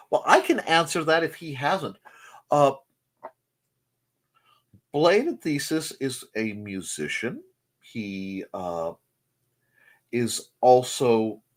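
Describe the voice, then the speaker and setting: A man hosting a casual live morning stream, rambling through chat greetings with jokey, self-deprecating asides. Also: fairly high pitch. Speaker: host of a live morning show.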